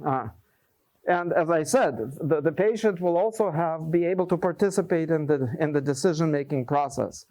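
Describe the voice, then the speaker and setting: A man's voice: a little high, moderate pace, dark tone. A man presenting at a scientific workshop, answering questions thoughtfully with frequent restarts and repeated words.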